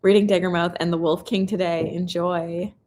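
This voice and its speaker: A woman's voice: on the low side, flat delivery, moderate pace, a little mellow. A young Canadian woman hosting a casual live reading stream, reading out viewer comments in a bubbly, chatty way. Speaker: booktuber reading chat host.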